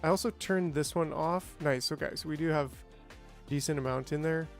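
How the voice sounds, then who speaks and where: A man's voice: on the high side, normal speed, creaky, soft background music. A man streaming a game, chatting casually and thinking aloud, with playful sound effects. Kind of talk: casual gameplay livestream chat.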